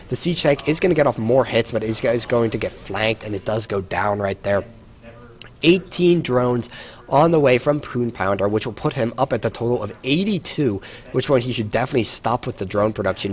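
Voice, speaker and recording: A tired man giving solo play-by-play commentary on a strategy game, explaining the action with some hesitations. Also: medium pitch. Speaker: esports caster.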